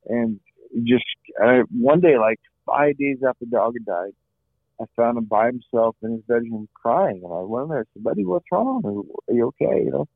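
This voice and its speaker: A man's voice: mid-range voice, moderate pace, no room sound. A middle-aged man, an interview guest, telling his own story in an earnest way, repeating phrases and often saying "you know". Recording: dry, phone-like line.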